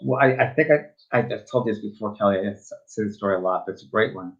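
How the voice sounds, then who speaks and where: A man's voice: on the low side, fast. Man telling stories on a dull lo-fi line. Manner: rambling anecdotes with many fillers and restarts. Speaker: spiritual medium co-host. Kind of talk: casual storytelling chat.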